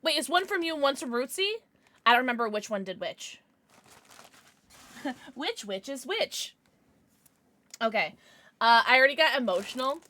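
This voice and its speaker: A young woman talks casually on her livestream from a room at home. Her voice sits high and swings widely in pitch. She gushes and squeals excitedly as she thanks her viewers. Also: moderate pace, pauses often. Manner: excitable, squealing and gushing over gifts.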